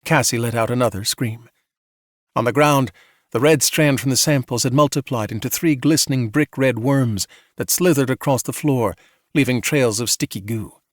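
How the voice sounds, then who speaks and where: A man reading a sci-fi audiobook in a soft, measured, soothing bedtime narration style. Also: mid-range voice, no room sound, studio quality.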